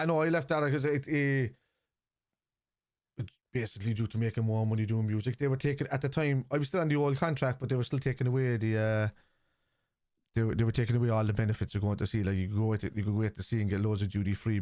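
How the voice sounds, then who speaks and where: A man's voice: lowish voice, fairly even intonation, fast, darkish tone, no room sound, studio quality. An Irish man in his forties, hosting a football watchalong stream and lecturing his chat in an argumentative way. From Ireland. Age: 40s. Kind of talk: live stream chat reply.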